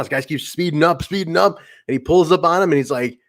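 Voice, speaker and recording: A man's voice: a little high, animated, fast talker. Chatty rambling male podcast host. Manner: rambling, lots of fillers and restarts; acts out other people's lines in an anecdote. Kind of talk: casual solo podcast chat.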